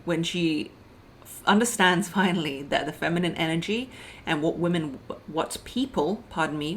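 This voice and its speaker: A woman's voice: low voice, fairly bright tone, a little hiss or hum. A woman relationship coach giving frank, casual advice straight to camera. She talks to the listener like a friend, calling her girl and babe, and acts out quoted voices mid-sentence.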